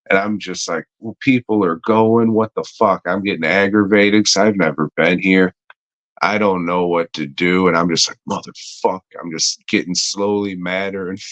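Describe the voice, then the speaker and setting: A man's voice: deep voice, fairly bright tone, no room sound. A man co-hosting a podcast, telling a story in a rambling, heavily profane way with lots of fillers. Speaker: podcast co-host. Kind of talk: casual storytelling chat.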